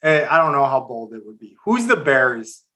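A man, co-hosting a sports podcast in a mid-range voice. He talks in enthusiastic bursts and sounds animated as he makes his points. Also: medium pitch, normal speed. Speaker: podcast co-host. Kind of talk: casual sports chat.

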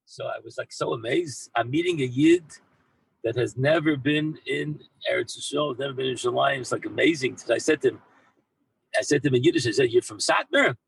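A man who heads a yeshiva, telling an anecdote in an animated way to his former students, mixing in Hebrew and Yiddish words and often repeating himself as he goes. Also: medium pitch, fairly quick, creaky, slightly rough, low-quality recording. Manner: frequent repeats and restarts. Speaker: rabbi and yeshiva head. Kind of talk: storytelling talk to former students.

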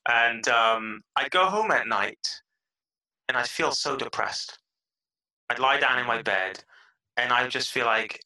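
A man with a British accent, a podcast guest in a casual interview, telling stories with lively energy and playful voices. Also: medium pitch, unhurried, rough recording. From England.

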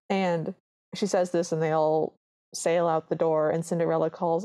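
A woman on a podcast, talking casually while she walks through a film scene by scene. Her voice sits low and mellow, and she slips into the characters' lines as she goes. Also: a little slow. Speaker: podcast co-host.

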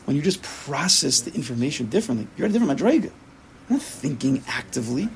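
A man teaching a Torah class as a rabbi, speaking emphatically and acting out inner voices in quick quoted asides. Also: medium pitch, very animated, creaky, a little hiss or hum, low-quality recording.

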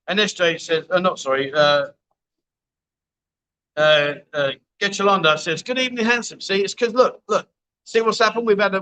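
A chatty man hosts a casual livestream from inside a bar, reading viewer comments aloud and calling everyone mate. His voice is bright and forward, pitched a little above the usual for a man. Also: rough recording. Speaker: livestream host. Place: bar, indoors.

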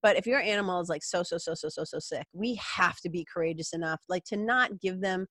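A middle-aged woman with a slightly low voice talks in a candid, rambling way. She is heartfelt and emotional and swears casually. The recording is close and dry, with no room echo. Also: brisk, fairly bright tone. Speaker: yoga teacher and podcast host. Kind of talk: heartfelt personal monologue.

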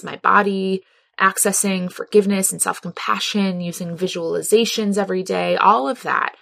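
Woman, low-pitched, gravelly fry, earnest reflective talk, dry sound. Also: no room sound. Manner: earnest, heartfelt, laughs often while telling.

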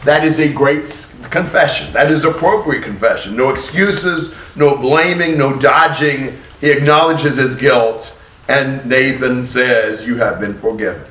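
Slow, emphatic man teaching Bible class. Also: mid-range voice, a bit bright, echoey room. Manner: thoughtful, emphatic, exclaims for effect.

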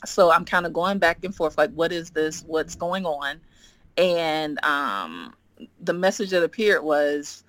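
Woman, forties, lower voice, lively storytelling, acted-out quotes, dry sound. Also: measured pace, no room sound. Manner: animated, acts out quoted dialogue. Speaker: guest. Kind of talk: casual storytelling.

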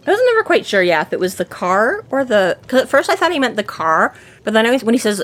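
A woman's voice: medium pitch, a little fast. A woman chatting casually about a book she is discussing with friends. She talks in long, winding sentences, restarting often and stacking fillers as she works out her point. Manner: animated, rambling, lots of fillers and restarts. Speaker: podcast co-host.

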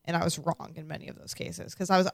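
A woman's voice: fairly low pitch, steady tone, fast, vocal fry, dry recording, studio quality. A woman co-hosting a podcast, gushing in casual chat about a TV show, with lots of "like.". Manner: gushing, laughs often, says "like" a lot. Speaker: podcast co-host.

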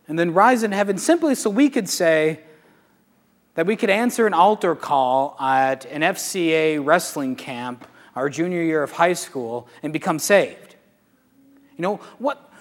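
Priest talking in an echoey hall. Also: male voice, fairly high pitch. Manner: conversational, animated, rhetorical questions. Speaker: Catholic priest. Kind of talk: talk to a live audience.

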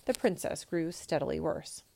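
Woman storybook reader, measured and gentle, slight vocal fry. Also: low-pitched, a little hiss or hum. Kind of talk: storybook read-aloud.

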